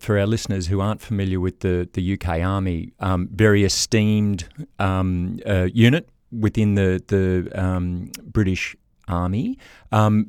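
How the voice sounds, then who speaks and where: A man's voice: low-pitched, a little mellow, clean tone, dry recording, clean studio sound. A man co-hosting a podcast, explaining for listeners and asking questions with frequent ums. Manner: hesitant, many ums while explaining. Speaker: podcast co-host. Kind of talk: interview questions.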